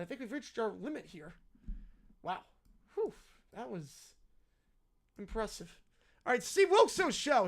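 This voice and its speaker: A man hosting a parody game show with deadpan, wry asides. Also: high-pitched. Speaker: host.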